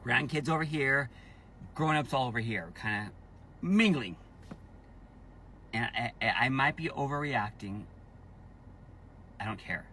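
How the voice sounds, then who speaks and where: A man telling a personal family story slowly and emphatically, repeating himself for effect, with his voice rising in angry bursts on key points. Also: medium pitch, expressive, sharp tone, slight background noise. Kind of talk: emotional personal vlog storytelling.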